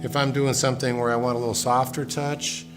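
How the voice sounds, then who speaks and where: A guitar teacher gives a casual lesson, explaining in a relaxed way, thinking aloud, and repeating words as he plays to demonstrate. His voice is medium-pitched and a little fast. Acoustic guitar playing can be heard in the background.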